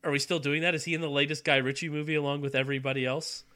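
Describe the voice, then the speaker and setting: A man with a bright, lively voice pitched a little high, co-hosting a podcast. He talks casually and riffs with jokey, sarcastic asides. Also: racing. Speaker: podcast co-host. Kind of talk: casual chat.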